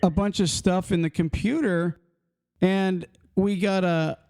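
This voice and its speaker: A man hosts a casual trucking podcast from a studio at his house, joking and rambling. His voice is fairly high yet mellow and warm. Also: steady tone, measured pace, clean tone. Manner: loose, joking, rambling with restarts. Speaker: podcast host. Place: home studio.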